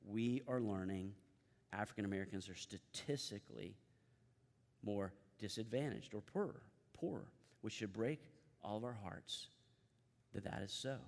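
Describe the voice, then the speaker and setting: A man's voice: lowish voice, moderate pace, vocal fry, darkish tone. Man preaching a sermon in a reverberant hall. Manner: emphatic, repeats key phrases, leads congregation in recitation. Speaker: pastor.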